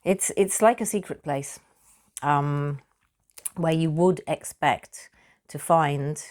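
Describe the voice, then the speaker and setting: Chatty British woman perfumer, fairly low voice. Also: slow. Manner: chatty, laughing, repeats words when excited. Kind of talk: casual talk on perfume materials.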